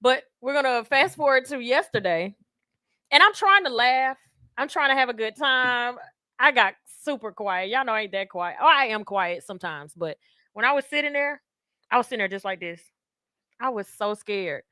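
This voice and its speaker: A woman's voice: a little high, normal speed, dry recording, studio quality. A woman co-hosting a radio talk show, telling stories with lots of giggling. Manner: giggly, animated storytelling. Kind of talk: casual chat.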